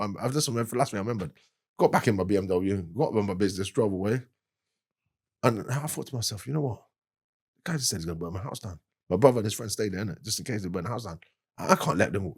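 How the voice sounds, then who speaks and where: A man's voice: fairly low pitch, a little mellow, slightly rough. A man with a London accent telling a wild story from his past as a podcast guest, in loose street slang and laughing as he goes. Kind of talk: casual storytelling.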